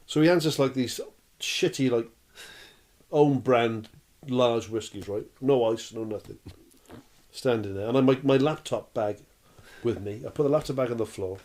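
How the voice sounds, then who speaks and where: A man's voice: mid-range voice, moderate pace. A man telling a funny story in casual chat, acting out voices and laughing. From Wales. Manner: animated, laughing anecdote with acted-out voices. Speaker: podcast co-host.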